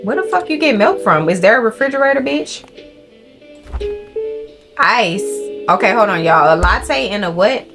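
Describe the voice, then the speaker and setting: A young woman doing profane, excitable let's play commentary, talking to her viewers as she plays. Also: mid-range voice, moderate pace, long pauses. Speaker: gaming creator. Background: game music.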